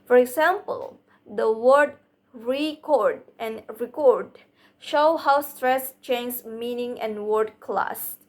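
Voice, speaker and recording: A young woman, giving a class presentation on phonetics and reading slowly with restarts and fillers. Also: fairly high pitch. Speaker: student presenter.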